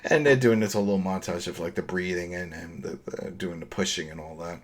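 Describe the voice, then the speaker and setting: Man, podcast co-host, low-pitched, rambling recap, acts out quotes. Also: a little fast. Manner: rambling, acts out characters' lines. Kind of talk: casual episode recap.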